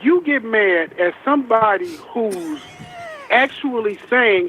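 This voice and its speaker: A man's voice: high voice, lively intonation, slow pace. A male caller scolding and lecturing the hosts over a phone line. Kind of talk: call-in comment.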